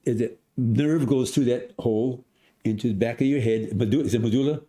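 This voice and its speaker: A man of a hundred, a podcast guest, telling a story in casual conversation, animated, acting out voices and restarting often. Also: mid-range voice, moderate pace. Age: 100s.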